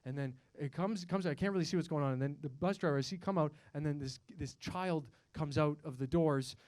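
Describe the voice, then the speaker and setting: A man's voice: a little high, fairly quick, a little mellow, no echo. A young man from Canada doing a stand-up comedy set on a comedy club stage into a handheld mic, profane and rambling, with frequent restarts.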